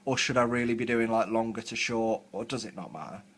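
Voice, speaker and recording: A man's voice: fairly low pitch, fairly quick, a bit bright. A man from England with a southern English accent, chatting casually on a hobby live stream while painting miniatures at home, rambling and full of fillers.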